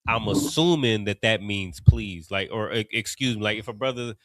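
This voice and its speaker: Man, Ohio accent, low voice, relaxed class teacher, dry sound. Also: normal speed, no room sound. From Cincinnati, Ohio. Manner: conversational, loose, many fillers and restarts. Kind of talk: casual teaching talk.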